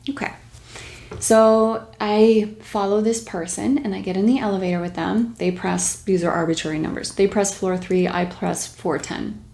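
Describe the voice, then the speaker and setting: A young woman tells a personal story to camera in a casual, animated way. She acts out her own thoughts in quotes and adds small laughs. Her voice sits at a mid pitch, and the room around her is echoey. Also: moderate pace, vocal fry. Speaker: video host sharing a personal story. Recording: roomy echo.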